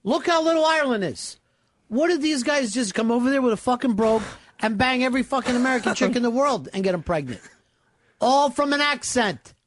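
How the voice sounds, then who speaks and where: A man's voice: very high voice, lively intonation, brisk, a bit bright, dry recording. A man hosting a radio talk show, bossy and brash, swearing freely as he plans a stunt. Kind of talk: casual radio banter.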